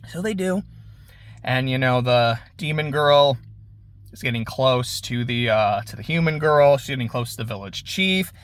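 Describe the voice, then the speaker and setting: A man's voice: mid-range voice, lively intonation, fairly bright tone, dry recording. Casual man recapping an anime. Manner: laid-back, swears, acts out characters in quick voices. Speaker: anime reviewer. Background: lawnmower.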